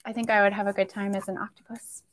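A woman's voice: mid-range voice, level tone, fast. A young woman leading a toddler story time, playful and sing-song, with animal noises and sound effects.

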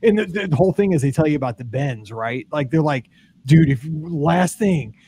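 A man hosting a podcast, telling a rambling, animated story in casual chat and laughing often. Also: medium pitch, quick pace, dry recording. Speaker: podcast host.

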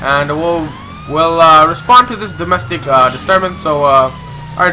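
High, bright, excitable young gamer guy. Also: a little hiss or hum, rough recording. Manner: excitable, exclaims loudly when startled; rambling, many filler pauses. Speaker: gaming channel host. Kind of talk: let's-play commentary with police radio role-play.

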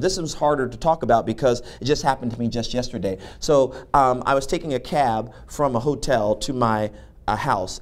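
A man and professor giving a motivational talk, telling a humorous story and acting out the dialogue. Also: medium pitch. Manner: animated, humorous, acts out dialogue. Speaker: keynote speaker and professor.

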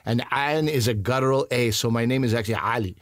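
Lively, self-mocking storytelling man. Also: medium pitch, quick pace, no room sound, studio quality. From Canada. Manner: animated, self-mocking, acts out other voices. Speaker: comedian guest. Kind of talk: casual storytelling interview.

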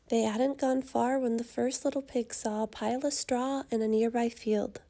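A woman narrating a children's story in a measured, expressive way. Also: on the high side.

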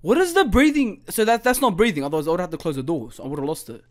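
A man's voice: on the high side, animated, racing. Jumpy man swearing through a horror game. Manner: jumpy, swears a lot, panicky outbursts. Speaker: gaming channel host. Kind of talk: horror game let's play commentary.

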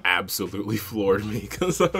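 A man co-hosting a podcast, recapping a tabletop game in casual chat, amused and halting, often repeating words. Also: on the low side, very animated, pushed and bright, breathy edge. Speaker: podcast co-host.

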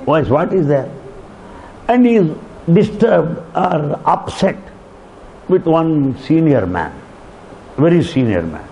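A man's voice: a little high, slow, long pauses, slight background noise. A man giving a devotional discourse, telling stories with emphatic repetition. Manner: animated storytelling with emphatic repetition. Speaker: spiritual speaker. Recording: dull lo-fi recording.

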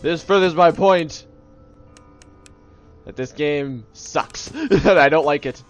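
A young man giving casual, joking let's-play commentary on a game, jumpy and yelling at it when startled. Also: fairly high pitch, takes it slowly, soft background music. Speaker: gaming video host.

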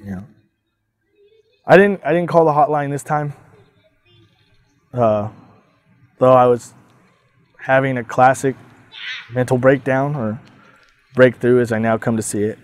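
A man with a mid-range voice tells his own story as a survivor. He speaks haltingly, stopping, restarting and reaching for words as he goes. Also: medium pitch. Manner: halting, hesitant, many fillers and restarts. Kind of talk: personal testimony monologue.

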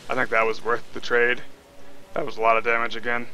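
A young man commentating a game he is playing, casual and excitable, with frustrated outbursts. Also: medium pitch, a little fast, slight background noise. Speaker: let's play host. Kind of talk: gameplay commentary.

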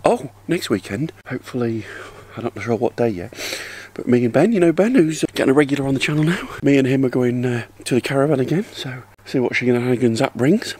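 A man's voice: mid-range voice, lively intonation, fast, a little mellow, husky. A middle-aged man chatting casually to a handheld camera in his back garden, rambling as he does chores. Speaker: vlogger. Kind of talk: casual vlog chat. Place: outdoors in a back garden by a hot tub.

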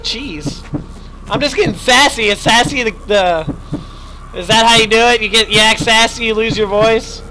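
A man's voice: sits high, moderate pace, background noise. A young man chatting and swearing while streaming a horror game, his voice worn and his nose stuffy. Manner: chatty, yelps and swears at scares. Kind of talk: live gaming commentary.

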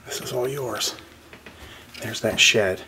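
Chatty low-voiced guy walking thru a cabin, casual and excited, some soft background ambience. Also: takes it slowly, noisy background. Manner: chatty, enthusiastic, drops into soft whispers indoors. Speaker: real estate vlogger touring a property. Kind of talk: casual walking property tour. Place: outdoors by a creek and inside a log cabin.

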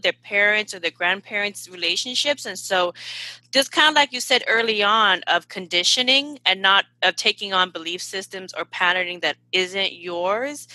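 A woman's voice: mid-range voice, bright, forceful tone, no echo, rough recording. A woman hosting a podcast who asks long, winding questions and affirms her guest enthusiastically. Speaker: podcast host. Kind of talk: interview questions.

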